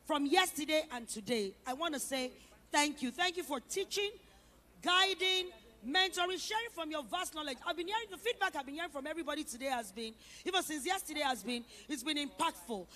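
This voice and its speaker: A woman's voice: sits high, sharp tone. A woman giving an effusive, emotional thank-you speech on a conference stage, repeating herself as she calls her team up. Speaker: event founder and host.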